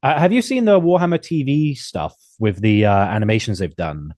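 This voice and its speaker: A man's voice: on the low side, animated, brisk, darkish tone, dry recording. Dry-sounding man chatting about films. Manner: enthusiastic, acts out quoted lines in voices. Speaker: podcast host. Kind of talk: casual film podcast chat.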